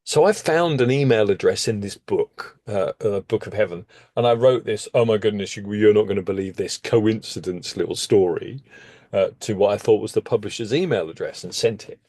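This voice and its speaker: A man, a guest telling a story in casual conversation, animated and often leaping suddenly up in pitch. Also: normal speed, no echo. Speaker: interview guest.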